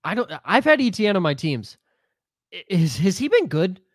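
A man's voice: high voice, big pitch swings, moderate pace, no echo, studio quality. A man with a stuffy, congested voice co-hosting a sports podcast, blunt and profane as he reads out listener questions. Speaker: podcast co-host.

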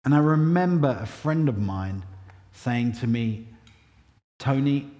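A middle-aged man delivers a sermon in a church, his voice sitting at an ordinary middle pitch. He tells personal stories in a chatty, self-deprecating way, and long reverb from the hall trails after his words. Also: animated, slow pace, mellow. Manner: conversational storytelling with self-deprecating asides. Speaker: preacher.

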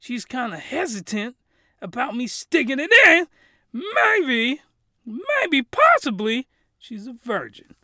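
A man voicing a smug young male protagonist who reasons aloud in a drawn-out way. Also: very high voice, big pitch swings, pushed and bright, no room sound, clean studio sound, pitched above the performer's own voice, heavily acted. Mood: scheming.

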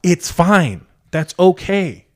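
A man's voice: high-pitched, big pitch swings, takes it slowly. A man hosting a podcast in casual, blunt, heavily profane chat. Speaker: podcast host.

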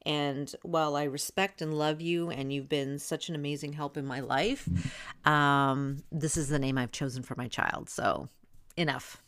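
A woman's voice: deep voice, steady tone, a little slow, a bit bright, no echo. A woman in her thirties, a doula hosting a podcast, telling her own birth story in a candid, chatty and blunt way. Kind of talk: casual personal storytelling.

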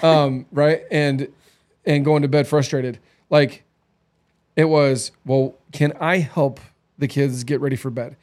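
A man's voice: medium pitch, fairly even intonation, slow, darkish tone. A man in his thirties co-hosting a casual chat, telling candid stories with lots of acted quotes. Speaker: podcast co-host.

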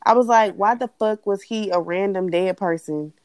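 A young woman co-hosting a casual chat, blunt and animated, swearing freely as she rants. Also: medium pitch, normal speed, no echo. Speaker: podcast co-host.

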